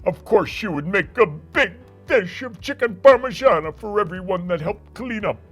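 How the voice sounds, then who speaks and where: A man voicing a fond puppet dad in a kids' puppet show, telling stories in a warm way. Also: high-pitched, expressive, normal speed, husky, soft background music. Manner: warm, storytelling. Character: doting puppet dad, talks fondly of his old village. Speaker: puppeteer and narrator.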